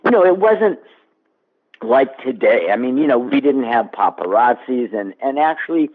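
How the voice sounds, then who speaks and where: A man in his seventies, a guest actor, telling stories in an animated, casual interview chat. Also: mid-range voice, normal speed. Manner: animated storyteller. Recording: tinny phone-like line.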